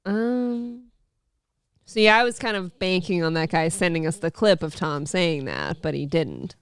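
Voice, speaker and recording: A woman's voice: lowish voice, big pitch swings, unhurried, clean tone, no room sound. Teasing, blunt female co-host. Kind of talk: casual live-stream chat.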